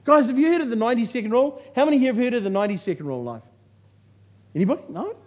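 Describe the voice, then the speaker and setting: High-voiced New man, punchy speaker. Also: animated, very fast, a little hiss or hum. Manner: humorous, punchy storytelling with jokes. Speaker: motivational speaker. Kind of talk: motivational speech to a live audience. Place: stage before an audience.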